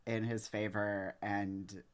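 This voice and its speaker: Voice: low voice, level tone, slow. Ranting, indignant podcast co-host. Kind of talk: casual chat.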